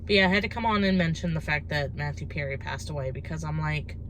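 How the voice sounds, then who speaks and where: A woman's voice: sits low, fast talker, slight background noise. A young woman vlogging casually to a handheld camera, talking in a chatty, rambling way full of fillers. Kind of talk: casual vlog talk to camera. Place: kitchen and parked car.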